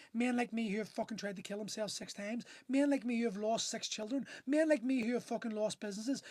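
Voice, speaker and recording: A man's voice: extremely high pitch, a little mellow, no room sound. A man in his forties, a gym owner, ranting fervently on a phone livestream, swearing often and restarting his sentences. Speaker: gym owner and men's coach. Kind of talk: impassioned live-stream monologue.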